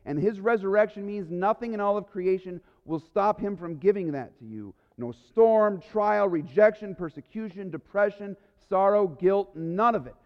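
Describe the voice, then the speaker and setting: A male pastor preaching an earnest, emotional sermon, often dropping to soft, quiet phrases. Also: sits high, lively intonation, moderate pace, hardly any pauses, big-room sound, dull audio.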